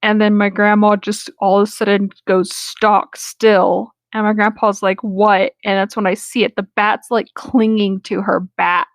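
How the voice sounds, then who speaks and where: A woman's voice: mid-range voice, level tone, moderate pace, few pauses, no echo. A woman in her twenties, casually telling a rambling story with lots of fillers and swearing, as a podcast co-host.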